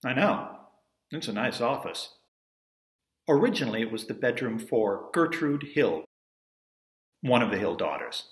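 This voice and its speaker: Man, storytelling monologue, wry asides, lively pitch, roomy echo. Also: a little slow, long pauses. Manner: wry, conversational, self-amused asides.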